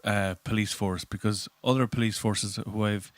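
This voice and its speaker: A man's voice: fairly low pitch, normal speed, no echo, clean studio sound. An Irish man, a guest comedian, telling anecdotes in casual chat and acting out the voices of people in them. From Ireland. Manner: animated storyteller, acts out voices.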